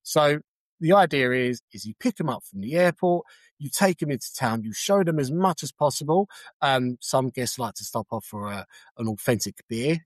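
A man's voice: medium pitch, no echo. A man who works as a tour guide, answering interview questions in a polite, chatty way and explaining with examples.

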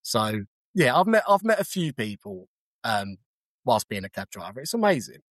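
A man, a cab driver telling lively anecdotes in a casual interview and acting out the shouts in his stories. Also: mid-range voice, normal speed, no room sound. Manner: animated storyteller who jumps to shouts when acting out scenes.

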